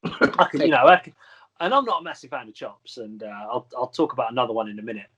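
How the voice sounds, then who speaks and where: In a mid-range, expressive voice that's fast and a bit bright, this thirtysomething wrestler guest tells rambling stories loaded with fillers and laughs at his own anecdotes. The audio has its highs cut off.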